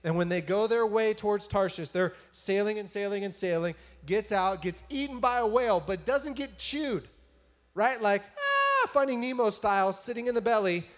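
A man's voice: sits high, moderate pace. A man giving a casual, joking sermon, retelling a story and often tagging his sentences with "right?".

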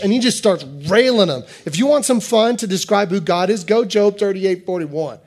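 High-voiced animated male preacher. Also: normal speed, few pauses. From United States. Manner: animated, repetitive preaching with acted-out quotes. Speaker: pastor. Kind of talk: sermon.

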